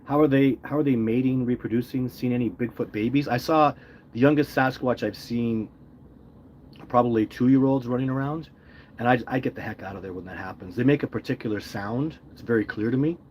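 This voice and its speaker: A man's voice: medium pitch, a little fast, a little mellow. A middle-aged man hosting a live stream, answering viewer questions in a rambling, earnest way with many restarts. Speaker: livestream host answering chat. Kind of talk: casual live chat. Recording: faint background noise.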